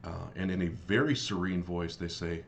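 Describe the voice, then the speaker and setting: A man narrating as game master of a tabletop role-playing game, pausing often with fillers and restarts. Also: sits low, slight background noise. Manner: halting, many fillers and restarts.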